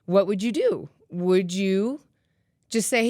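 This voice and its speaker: A middle-aged woman hosts a radio show and chats away in a lively, talkative way, often laughing and acting out other people's lines. Her voice is smooth and clear. The sound is dry and close, with no room around it. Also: medium pitch, normal speed, dry recording. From Colorado. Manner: chatty and animated, laughs often, acts out quotes. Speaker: radio host. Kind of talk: casual chat.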